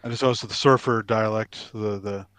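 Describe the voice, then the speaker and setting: A man's voice: fairly low pitch, moderate pace, clean tone, no room sound. Chatty American man, dry sound. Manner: animated storyteller, mimics other accents for fun. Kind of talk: casual chat.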